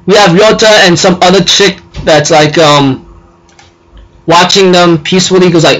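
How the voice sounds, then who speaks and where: A man recaps an anime episode in a loose, rambling way, stopping to correct himself. His voice is high and bright, with lots of ums and likes. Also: unhurried, rough recording. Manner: rambling, filler-heavy, self-correcting. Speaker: anime reviewer.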